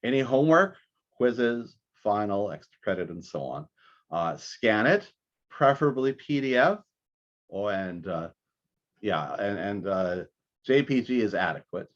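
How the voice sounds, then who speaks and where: A man teaching a math class over a recorded video call, talking in a halting way with many restarts. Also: lowish voice, very animated, muffled recording. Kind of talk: recorded online class lecture.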